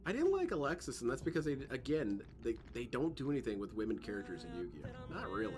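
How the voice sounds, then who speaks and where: A man's voice: medium pitch, big pitch swings, quick pace. A man giving loose, joking commentary as he plays a stealth game, drifting into tangents. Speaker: let's play host. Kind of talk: gameplay commentary. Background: game music.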